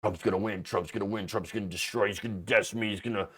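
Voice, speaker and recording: A man voicing a mocking caricature of a male Trump-supporting conspiracy fan who chants his belief in a low, sneering drone. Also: fairly even intonation, fast talker, fairly bright tone.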